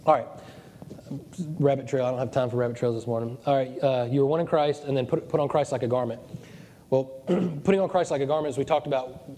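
Fast-talking man preaching in a reverberant hall. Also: medium pitch, steady tone, dark tone. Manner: digressive and joking. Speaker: pastor. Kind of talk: sermon. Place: church hall. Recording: long church reverb.

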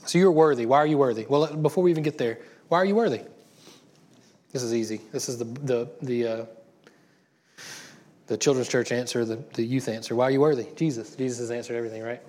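A man's voice: medium pitch, quick pace, darkish tone. A middle-aged man preaching a sermon as a pastor, in a casual, chatty way with many restarts. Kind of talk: conversational sermon.

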